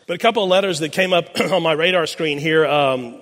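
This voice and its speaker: A man's voice: fairly high pitch, fairly quick, fairly bright tone, in a large hall. A man with a Texan accent preaching a sermon as pastor, folksy and joking as he reads children's letters to his congregation. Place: large church sanctuary.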